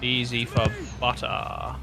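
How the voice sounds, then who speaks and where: A man co-hosting a gaming stream, teasing and excitable in his reactions. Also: mid-range voice, takes it slowly, gravelly, music in the background. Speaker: stream co-host. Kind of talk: casual gaming chat.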